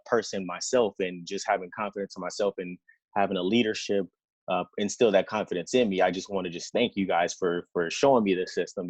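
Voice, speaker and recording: A man's voice: low voice, no echo, low-quality recording. A man sharing an earnest, grateful motivational testimonial as a new senior field trainer on a team call.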